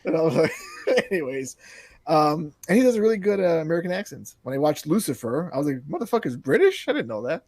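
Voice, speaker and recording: A man's voice: fairly high pitch, lively intonation, fast talker, a little mellow, no echo. A man co-hosting a casual podcast, rambling, swearing freely and laughing at his own jokes. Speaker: podcast co-host. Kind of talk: casual chat.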